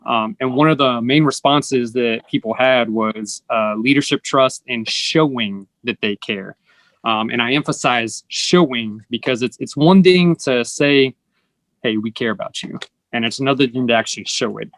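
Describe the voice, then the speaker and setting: A man's voice: mid-range voice, normal speed, a bit bright, dry recording. A male host explaining his points earnestly, acting out short example lines along the way. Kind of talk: interview conversation.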